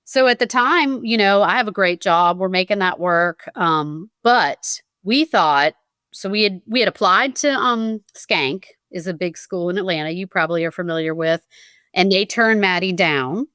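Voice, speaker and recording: A woman in her forties, a podcast guest and parent, telling her family's story in an animated, emotional way, restarting her sentences often. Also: lowish voice, moderate pace, clean tone, no room sound, studio quality. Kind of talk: conversational storytelling.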